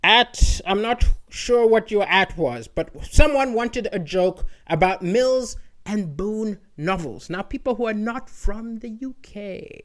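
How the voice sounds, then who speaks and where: Brief: animated male stand-up comedian from Malawi, very expressive pitch, conversational delivery. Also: slow pace, few pauses. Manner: animated and chatty, keeps asking "right?".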